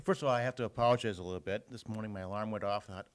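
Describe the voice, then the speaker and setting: A man telling a story to children at a church service, animated and halting, often restarting phrases. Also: on the low side. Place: church sanctuary.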